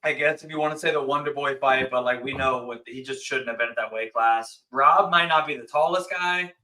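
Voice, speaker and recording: Casual co-host, man, bright forceful voice, excitable and chatty. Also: medium pitch, rough recording. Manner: excited, talks fast with many "like"s. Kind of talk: casual podcast chat.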